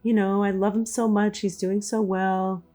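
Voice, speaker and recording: A woman voicing the doting, tender spirit of a late mother, speaking gently and reassuringly, a little above her usual pitch. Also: level tone, moderate pace, soft background music, close to an everyday voice.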